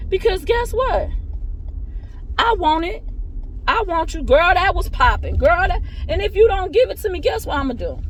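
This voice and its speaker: Lively high-voiced woman preaching encouragement. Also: normal speed, slight background noise. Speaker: faith vlogger. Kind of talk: casual inspirational talk to viewers.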